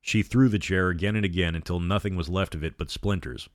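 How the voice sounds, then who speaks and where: A man reading a horror novel aloud as a storyteller, with steady, measured narration. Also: low-pitched, dry recording, clean studio sound.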